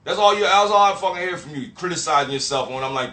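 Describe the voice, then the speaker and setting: A man's voice: a little high, expressive, quick pace, sharp tone. A man ranting to camera in a profane, emphatic, repetitive and preachy way. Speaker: vlogger. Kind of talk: profane casual rant. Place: Miami. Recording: echoey room.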